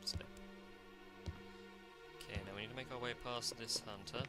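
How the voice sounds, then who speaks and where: A man's voice: mid-range voice, fairly even intonation, normal speed, music in the background. A man hosting a let's play, chatting casually about the game, joking with himself and talking to the enemies on screen. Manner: chatty, self-mocking, talks to the enemies. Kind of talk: casual gameplay commentary.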